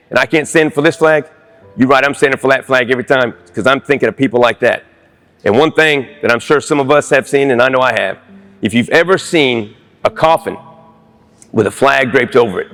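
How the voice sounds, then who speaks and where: A man's voice: mid-range voice, fairly bright tone. A middle-aged man giving an earnest, plain-spoken personal speech, pressing his points with repeated phrases. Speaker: speaker at a Veterans Day event. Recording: long hall reverb with faint music.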